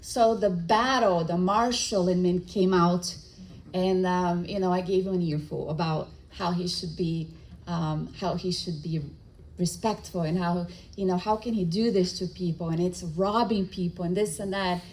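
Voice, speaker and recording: A woman's voice: fairly low pitch, moderate pace, poor audio. A middle-aged woman giving a spiritist lecture, telling stories and acting out the dialogue, with frequent restarts. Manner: animated storytelling with acted-out dialogue.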